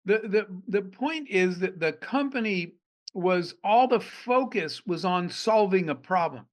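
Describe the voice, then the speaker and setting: A middle-aged man from Arizona, an entrepreneur guest on a podcast, telling animated stories and acting out the dialogue. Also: high-pitched, measured pace. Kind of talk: storytelling in a podcast interview.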